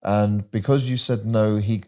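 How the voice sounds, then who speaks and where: A man hosting an interview, admiring and asking his guest gentle questions. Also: fairly low pitch, fairly even intonation, unhurried. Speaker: interview host. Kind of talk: interview chat.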